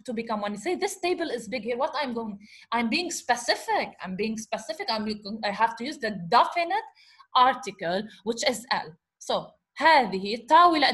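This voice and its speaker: Woman teacher, fairly high voice, keeps asking herself questions and saying okay. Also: a bit bright, slightly rough. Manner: repeats herself, asks and answers her own questions, says "okay" often. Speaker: Arabic teacher. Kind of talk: explaining grammar lesson.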